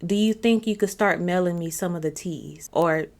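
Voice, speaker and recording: A woman voicing a quiet old grandfather. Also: fairly low pitch, moderate pace, close to an everyday voice. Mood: hopeful. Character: quiet elderly grandfather asking gently.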